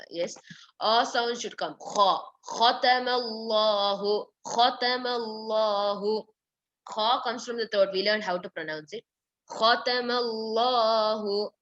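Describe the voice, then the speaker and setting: A woman teaching a live online recitation lesson, repeating words slowly and correcting pronunciation step by step. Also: mid-range voice, a bit bright. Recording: dull lo-fi stream audio.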